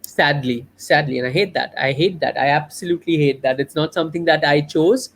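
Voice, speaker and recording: A man's voice: on the high side, fairly quick, fairly bright tone, slight background noise. Earnest, heartfelt male filmmaker. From India. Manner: earnest, heartfelt, reflective, with frequent restarts. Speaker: interview guest, filmmaker. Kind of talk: emotional personal interview.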